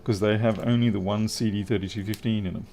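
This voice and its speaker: A man's voice: fairly low pitch, fairly even intonation, quick pace, dark tone, a little hiss or hum. A man hosting a live repair stream, talking casually and wryly to viewers as he works on a device. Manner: wry, chatty, answering viewers' comments. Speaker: livestream repair host. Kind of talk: casual live-stream commentary while working.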